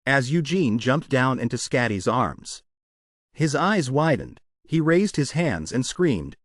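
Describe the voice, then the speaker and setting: A man narrating a comic recap in a scripted storytelling voice. His pitch rises and falls in a lively way while the delivery stays matter-of-fact, recorded dry and close. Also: measured pace, no room sound.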